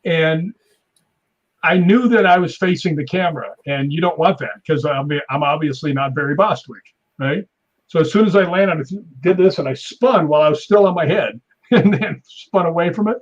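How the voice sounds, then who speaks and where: Man telling lively anecdotes, dull recording. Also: a little high, moderate pace. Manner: animated anecdotes with sound effects and chuckles. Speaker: guest stuntman. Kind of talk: casual interview storytelling. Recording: dull lo-fi sound.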